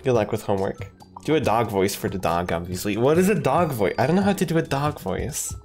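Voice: medium pitch, lively intonation, brisk, darkish tone, faint music behind. A streamer chatting casually through a cute video game, giggling often and thanking viewers. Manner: giggly, chatty, reads chat aloud. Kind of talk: casual let's-play commentary.

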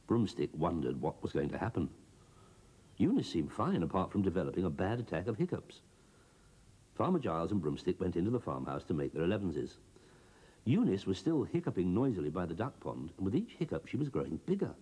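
Male storyteller, children's storybook narration, dark mellow tone, husky, very animated pitch. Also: fairly quick. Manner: expressive, bouncing between character voices.

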